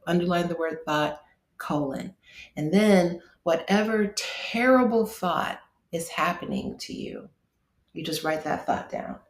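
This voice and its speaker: A middle-aged woman hosting a casual instructional talk as a meditation teacher, candid and conversational, dropping to a hush on soft asides. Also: deep voice, creaky. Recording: echoey room.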